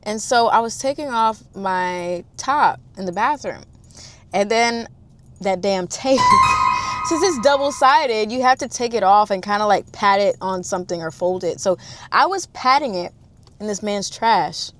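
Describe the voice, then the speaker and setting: A woman in her twenties telling a storytime vlog in a dramatic, animated, chatty way, talking straight to her audience. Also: mid-range voice, a little slow. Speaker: storytime vlogger.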